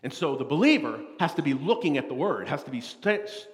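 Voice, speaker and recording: A man preaching a sermon in a lively, dramatic way, acting out the quotes he tells. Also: a little high, fairly quick. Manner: animated, dramatic, acts out quotes in a rising voice. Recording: long reverb in a large hall.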